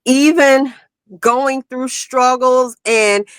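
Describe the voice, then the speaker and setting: A woman's voice: high-pitched, fairly even intonation, very slow, clean tone, dry recording. A woman from South Carolina, telling personal stories as a podcast guest in a reflective, heartfelt way. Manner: reflective, heartfelt, many "you know"s. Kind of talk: emotional personal storytelling.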